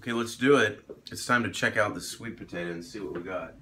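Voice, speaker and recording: A man's voice: lowish voice, fast, bright, forceful tone, a little hiss or hum, low-quality recording. A man, a doctor, chatting casually through a cooking vlog in his home kitchen, upbeat and self-deprecating. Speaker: doctor vlogging about meal prep. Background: kitchen sizzle.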